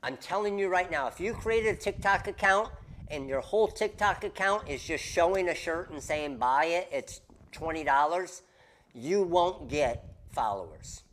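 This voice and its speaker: A man hosting a casual craft business livestream, coaching viewers in an animated, emphatic way and repeating his key points. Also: high voice, moderate pace, slight background noise.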